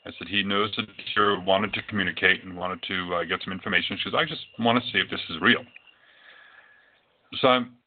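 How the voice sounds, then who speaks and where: Low-voiced man on a tinny line. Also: fairly quick, a little hiss or hum. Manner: rambling, many fillers and restarts. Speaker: psychic medium and reverend. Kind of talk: casual storytelling talk. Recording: tinny phone-like audio.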